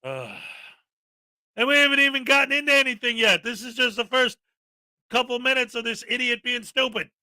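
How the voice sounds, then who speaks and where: A man hosting a reaction commentary show, ranting sarcastically and shouting often as he mocks the people in a video. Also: very high voice, lively intonation, normal speed, no room sound. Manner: sarcastic, mocking, shouts often and acts out mock voices. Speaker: commentary channel host.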